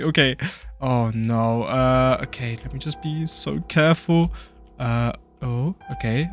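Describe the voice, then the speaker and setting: A man doing frantic Minecraft role-play commentary, jumpy and casual, talking to in-game characters and calling them bro. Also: fairly high pitch. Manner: casual slang, calls others bro. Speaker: gaming YouTuber.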